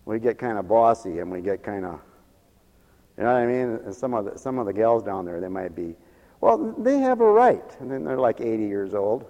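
A man's voice: fairly low pitch, sing-song, normal speed, mellow, in a large hall, muffled recording. An older man preaching a sermon in a folksy, humorous storytelling way.

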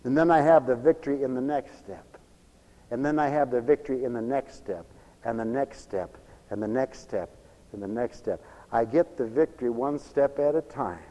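A man preaching a lively sermon, animated and folksy, swinging between loud exclamations and hushed asides, with laughs between lines. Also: mid-range voice, normal speed. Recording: long hall reverb.

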